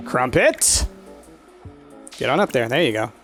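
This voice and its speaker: A man's voice: medium pitch, big pitch swings, measured pace, fairly bright tone, soft background music. Laid-back man streaming a game. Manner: chatty, laughs often, talks to his pets on screen. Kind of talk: casual gameplay commentary.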